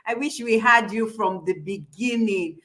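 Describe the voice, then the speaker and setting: A woman's voice: mid-range voice, measured pace, fairly bright tone. A woman hosting an online class, affirming and encouraging her guest and listeners. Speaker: host of the class.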